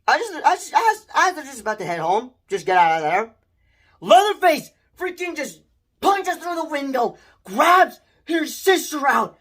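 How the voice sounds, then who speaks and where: A young man giving a casual spoiler movie review, rambling and excitable, with many restarts and mild swearing. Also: very high voice, unhurried.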